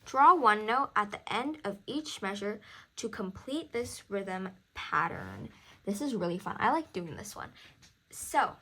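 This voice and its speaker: A woman's voice: mid-range voice, big pitch swings, unhurried, a bit bright, husky. A young woman tutoring music theory in a casual walkthrough, counting beats aloud and encouraging the student. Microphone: camera mic at a desk.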